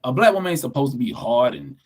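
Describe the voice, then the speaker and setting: A man's voice: mid-range voice, expressive, quick pace, darkish tone, breathy edge. Blunt, preachy podcast co-host man. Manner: blunt, preachy, profane, emphatic. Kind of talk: casual opinionated podcast talk.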